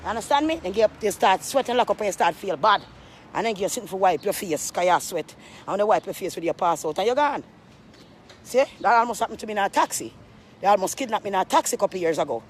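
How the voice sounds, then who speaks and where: A woman's voice: mid-range voice, lively intonation, quick pace, a little hiss or hum. Emphatic woman telling a story. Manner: emphatic, repetitive, preachy asides. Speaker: vlogger. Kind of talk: rambling storytelling to camera.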